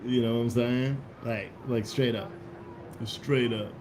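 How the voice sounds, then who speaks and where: A man's voice: medium pitch, steady tone, measured pace, noisy background. A man hosting a casual livestream, rambling bluntly with profanity and restarts while reading out chat comments. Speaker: livestream host.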